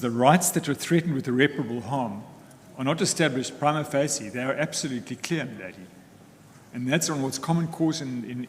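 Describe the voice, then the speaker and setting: A man arguing a case in court, formal and measured, with some restarts. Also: mid-range voice, slight background noise. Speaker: advocate in court. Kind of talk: legal argument in court. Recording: long reverb of a hall, faint ambience.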